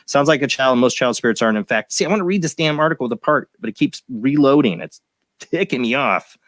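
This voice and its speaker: A man's voice: medium pitch, animated, fairly quick, a bit bright, dry recording. A man hosting a paranormal talk show, reading stories aloud in a rambling, easily sidetracked way with chuckles. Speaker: host of a paranormal radio show. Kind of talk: casual chat, reading news stories aloud.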